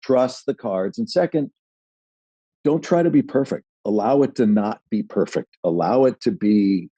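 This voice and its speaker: A middle-aged man, a guest on a podcast, telling stories in an animated, halting way. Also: fairly low pitch, no echo, highs cut off. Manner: animated, halting storytelling with restarts. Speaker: guest, actor. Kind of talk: podcast conversation, storytelling.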